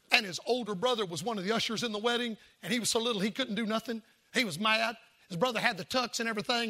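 A man's voice: very high voice, sharp tone. A man preaching a folksy, emphatic sermon, with jokes and asides to the congregation. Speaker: pastor.

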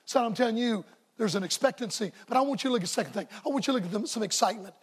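A man preaching a revival sermon as a staff evangelist, folksy and emphatic, sometimes rising to shouts. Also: sits high, very fast, breathy edge.

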